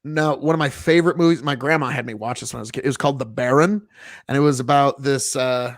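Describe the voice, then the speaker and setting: A man's voice: medium pitch, fairly even intonation, fast, no echo, studio quality. A man from Nebraska hosting a podcast, telling rambling, profanity-laced stories in casual chat. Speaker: podcast host.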